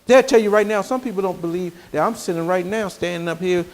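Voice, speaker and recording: This is a male preacher. He talks to the congregation casually, then climbs into loud, emphatic runs. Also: sits high, quick pace. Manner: conversational preaching, rising to emphatic. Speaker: pastor. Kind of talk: sermon.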